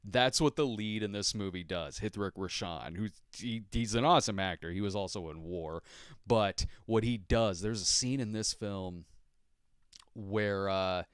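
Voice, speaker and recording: Speaking in a fairly low voice at a measured pace, a weary podcast host chats loosely about films, sitting close to the microphone. He stays animated, laughing between ideas and filling gaps with loose filler words, in a clean recording without echo.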